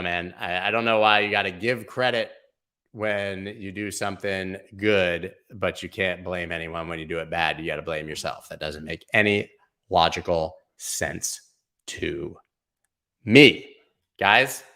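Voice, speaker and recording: A man's voice: lowish voice, bright, forceful tone. A man hosting a casual crypto livestream, chatting in slang, reading viewer comments and talking through price charts. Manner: laid-back, slangy, chatty, reads comments aloud.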